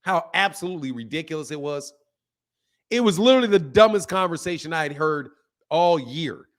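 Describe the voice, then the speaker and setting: High-voiced man on a heated profane rant. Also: expressive, brisk. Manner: heated, profane, hammering repetition; reads viewer comments aloud. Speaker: boxing channel host. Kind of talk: ranting boxing commentary to viewers.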